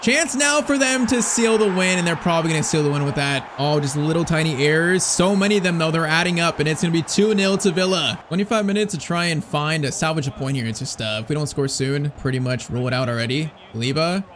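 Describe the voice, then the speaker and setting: A man talks quickly over his football game, calling passes and players as they happen. His voice sits a little high and he drops slang like bro and man, swinging between hope and irritation. Faint noise hums under the recording. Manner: excitable, frustrated play-by-play with slang like bro and man. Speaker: gaming YouTuber. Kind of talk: live game commentary.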